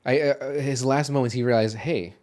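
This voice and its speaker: A man co-hosting a casual movie podcast, talking loosely and profanely, laughing often and dropping to a low mutter over his notes. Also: brisk. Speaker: podcast co-host.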